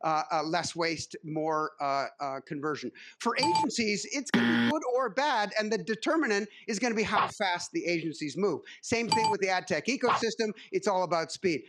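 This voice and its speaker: High-voiced man giving a wry keynote. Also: animated, normal speed, few pauses, background noise. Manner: wry, joking asides with frequent uh fillers. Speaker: keynote speaker. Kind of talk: conference keynote talk. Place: conference stage.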